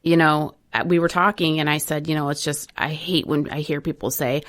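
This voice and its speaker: A woman's voice: sits low, fairly even intonation, a little fast. A woman hosting a casual recovery radio talk show, talking conversationally with frequent fillers.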